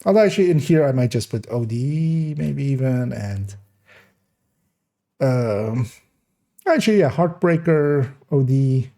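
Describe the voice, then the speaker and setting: A man in casual live-stream commentary, thinking aloud at an unhurried pace as he works through numbers. His voice is gravelly with vocal fry and has a dark, mellow tone, often trailing off into hesitant fillers. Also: medium pitch, expressive. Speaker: game streamer.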